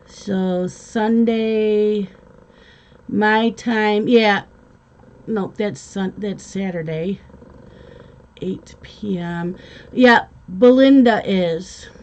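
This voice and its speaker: A woman hosting a casual live stream, chatting with viewers and calling to her pets. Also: mid-range voice.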